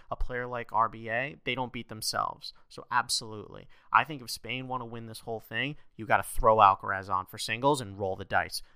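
Bright, crisp-voiced man chatting sports. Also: mid-range voice, no echo. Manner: animated, laughs often, heavy use of "like". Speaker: podcast co-host. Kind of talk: casual sports chat.

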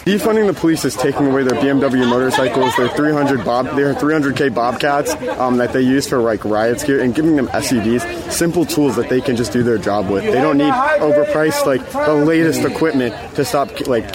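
Man talking outdoors, rambling with fillers, clear crowd noise behind. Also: medium pitch, lively intonation, brisk, hardly any pauses. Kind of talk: casual on-the-street opinion. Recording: outdoor clip with a crowd around.

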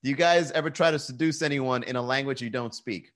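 Joking, foul-mouthed podcast host. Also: male voice, medium pitch, fast talker, few pauses, a bit bright. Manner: loose, joking, reads chat comments aloud, swears freely. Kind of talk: casual live-stream chat.

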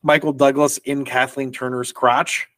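A man's voice: medium pitch, flat delivery, measured pace, a bit bright, dry recording. A man co-hosting a podcast, recapping movie scenes in an easygoing way with frequent chuckles. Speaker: podcast co-host. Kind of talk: casual movie review chat.

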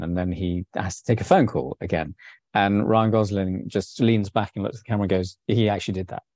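A man's voice: on the low side, a little mellow, dry recording. A man co-hosting a film club chat, talking casually and easily breaking into laughter. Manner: chatty, laughs often, backchannels.

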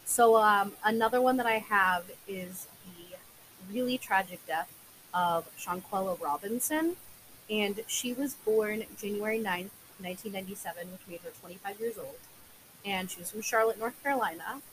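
A woman's voice: mid-range voice, normal speed, fairly bright tone, slight background noise, rough recording. A young woman co-hosting a true crime podcast, recounting case details casually with many filler words. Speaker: podcast co-host.

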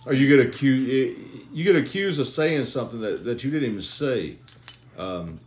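A man's voice: mid-range voice, expressive, normal speed, a little mellow. A man talking bluntly and emphatically as a guest in a casual podcast chat, swearing freely.

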